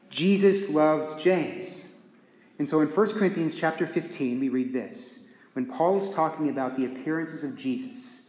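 A man preaching a sermon in an animated, folksy, humorous way, in a church sanctuary. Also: fairly high pitch. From Texas. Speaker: pastor. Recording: echoey hall.

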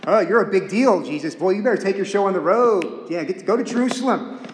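A man's voice: high-pitched, expressive, moderate pace, slight background noise. A man voicing mocking, sarcastic brothers with a sneering, teasing tone, in an echoey hall.

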